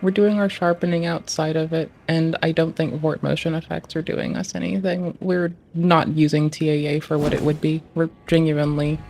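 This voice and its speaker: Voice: medium pitch, level tone, moderate pace, creaky, few pauses, darkish tone, slight background noise. A streamer talking casually and swearing freely, muttering to themself and asking the screen questions while fiddling with game graphics settings. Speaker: livestreamer.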